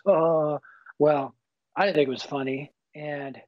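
A man in his fifties, a guest telling his personal faith story in an earnest, animated, folksy way. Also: medium pitch, brisk, dry recording. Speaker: guest author. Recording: slightly muffled, dull recording.

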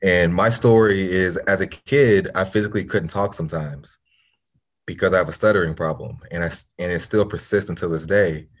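A man speaks in a notably low, deep voice. He tells his story in an earnest, reflective conversational way, with the occasional restart, as a guest on a podcast interview. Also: steady tone, moderate pace. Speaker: nonprofit founder, podcast guest.

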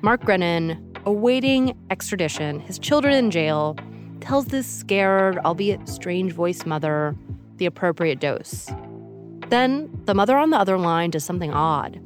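A woman hosting a podcast, giving measured, dramatic scripted narration. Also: fairly low pitch, animated, faint music behind. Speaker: podcast host.

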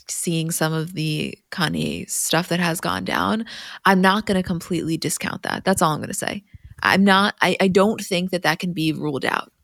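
A woman co-hosting a casual pop-culture podcast, chatty and quick to laugh. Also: fairly low pitch, gravelly, a bit bright, no room sound, studio quality. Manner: chatty, laughs often, reads ads conversationally. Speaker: podcast co-host. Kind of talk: casual chat about reality TV.

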